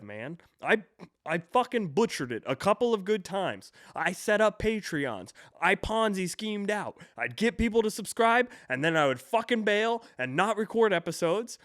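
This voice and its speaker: A podcast host in his twenties tells a long, rambling story packed with swearing, restarts, and self-corrections in a casual monologue. His voice sits high with a fairly bright tone. The sound is clean studio audio with no room sound.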